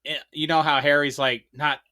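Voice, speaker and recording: A loud man co-hosting a casual podcast over his own mic, telling stories animatedly and swearing a lot. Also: on the high side, moderate pace. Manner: loud, profane, animated storytelling. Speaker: podcast co-host. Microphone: remote podcast mic.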